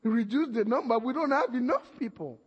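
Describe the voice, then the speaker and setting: A man's voice: extremely high pitch, brisk, breathy edge, dull audio. A man preaching who voices an anxious, doubting male warrior with an incredulous, pleading manner.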